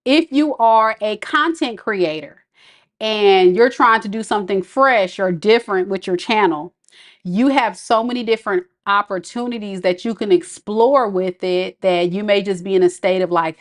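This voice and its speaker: A woman's voice: medium pitch, lively intonation, moderate pace. A woman giving a casual tarot reading to her viewers. She talks to them directly in a chatty, playful way and often laughs at her own jokes. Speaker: tarot reader.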